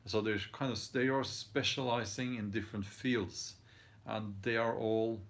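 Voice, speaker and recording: A Norwegian man with a Norwegian accent talking casually in a vlog, halting with many fillers, dry and blunt. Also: on the low side, fairly even intonation. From Norway. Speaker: vlogger.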